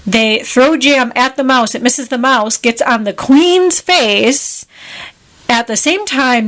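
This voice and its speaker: A woman co-hosting a podcast, retelling a film plot in casual chat with animated, quick asides. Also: on the high side. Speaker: podcast co-host.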